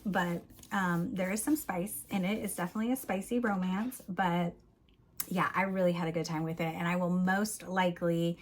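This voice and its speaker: A woman's voice: on the low side, fairly bright tone. A woman book vlogger chatting casually through plot recaps, giggling often and leaning on "like" as she goes. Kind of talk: casual book review chat.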